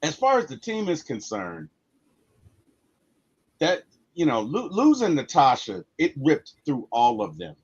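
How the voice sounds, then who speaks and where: A man co-hosting a casual movie podcast, telling stories with emotional, animated delivery and a husky voice. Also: on the high side, unhurried, long pauses, dull audio. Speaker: podcast co-host.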